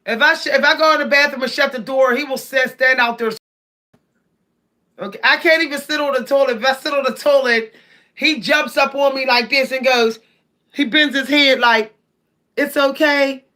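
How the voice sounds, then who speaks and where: A woman chats casually to her viewers, animated and laughing as she talks. Her voice sits high and sounds bright and forceful. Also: normal speed. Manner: animated, laughs often, addresses viewers directly. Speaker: cat owner vlogger.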